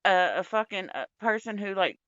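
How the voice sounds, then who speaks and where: A woman's voice: medium pitch, animated, normal speed, fairly bright tone, no echo, dull audio. A young woman in casual, candid chat, blunt and rambling, swearing a lot. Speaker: podcast co-host.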